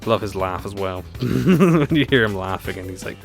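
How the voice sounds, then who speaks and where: A man rambles through a live racing-game stream, laughing at his own jokes as he goes. His voice sits a little low, and game music plays clearly behind him from his home setup. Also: expressive, normal speed. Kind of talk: live gameplay chat.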